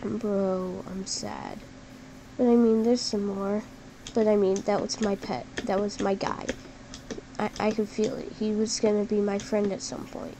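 A woman giving casual, chatty gameplay commentary, excitable and full of "like", with sudden shouts. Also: medium pitch, normal speed, a little hiss or hum, rough recording. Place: at a computer while gaming.

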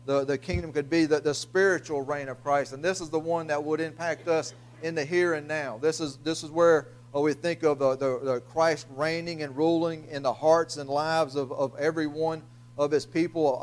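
Pastor, slightly raised pitch, halting sermon delivery with restarts and fillers. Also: male voice, fairly even intonation. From Louisiana, US. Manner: halting, repeats words, frequent uh fillers. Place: church sanctuary.

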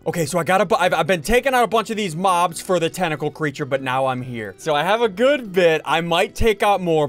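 Excitable high-voiced man narrating gameplay. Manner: excitable, narrates his own moves, yelps and shouts when panicking. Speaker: gaming video host. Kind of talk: Minecraft let's-play commentary.

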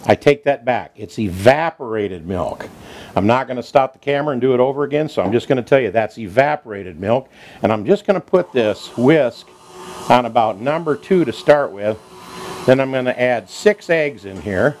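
A man's voice: medium pitch, expressive, moderate pace, darkish tone, slight background noise. Folksy man hosting a cooking show. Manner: chatty, folksy country storyteller. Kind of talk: folksy storytelling cooking demo. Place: home kitchen.

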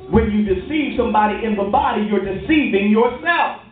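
A man pastor preaching a sermon in a church, lively and calling for responses. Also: high-pitched, fairly quick. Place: church hall. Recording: tinny, distant, very echoey church recording.

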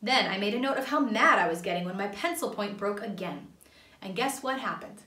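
A woman reading a children's book aloud in an animated, expressive way, doing the story's voices. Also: medium pitch, a little fast. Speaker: storybook reader. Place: church room. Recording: echoey room, mic far off.

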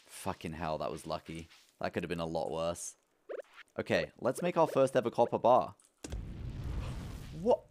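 Young male streamer, low-ish voice, playful banter with chat, light background hiss. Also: big pitch swings, normal speed, pauses often, a little mellow. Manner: playful, talks to chat, coos at his pet. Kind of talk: live gameplay streaming.

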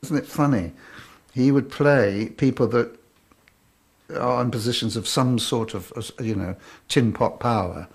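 A man in an interview, recalling an old friend in a halting way with frequent restarts. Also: mid-range voice, vocal fry, husky. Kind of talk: reminiscing interview.

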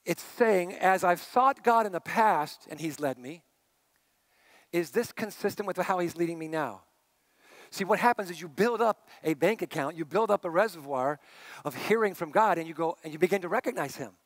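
Male pastor, middle-aged, high voice, conversational sermon, hushed to emphatic. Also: normal speed, dry recording. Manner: conversational preaching, swinging between hushed and emphatic.

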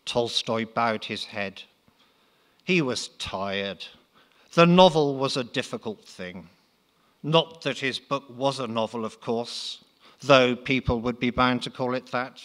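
A man with an English accent, an author reading his comic literary pastiche in a dry, deadpan narrating voice. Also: mid-range voice, takes it slowly, in a large hall.

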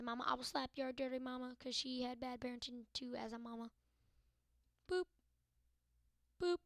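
A woman's voice: a little high, normal speed, long pauses, dry recording. A young woman hosting a let's-play video, giving hyper, goofy, rambling commentary into a desk mic. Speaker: gaming video host.

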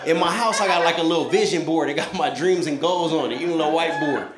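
A man's voice: fairly high pitch, fast, noisy background. Echoey stand-up comic in his thirties. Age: 30s. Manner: loose, conversational storytelling with acted-out voices. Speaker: stand-up comedian. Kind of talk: stand-up comedy set. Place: comedy club stage before a live audience. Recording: echoey room with audience laughter.

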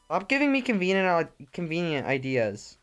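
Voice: mid-range voice, big pitch swings, normal speed, clean tone, faint music behind. Streamer, lockerer Livestream-Plauderton, weitschweifig und gespielt dramatisch, glatte Stimme, leise Musik im Hintergrund. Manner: chatty, rambling, mock-dramatic. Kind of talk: casual livestream chat while crafting.

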